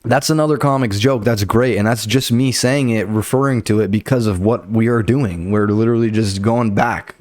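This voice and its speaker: A man's voice: on the low side, moderate pace, hardly any pauses, darkish tone, dry recording, clean studio sound. A young man, a comedian hosting his podcast, telling rambling, profane stories and acting out the people in them. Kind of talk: casual solo storytelling. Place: Los Angeles area.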